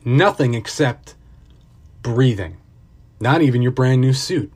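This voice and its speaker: A man voicing a stern older millionaire mentor, speaking low, calm and commanding. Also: slow pace, breathy edge. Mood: calm, intense.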